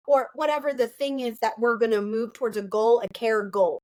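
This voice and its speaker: Animated woman, chatty co-host. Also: a little high, brisk, few pauses, no room sound, low-quality recording. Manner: animated storyteller, acts out quoted lines. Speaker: podcast co-host, nurse trainer. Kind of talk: casual conversation.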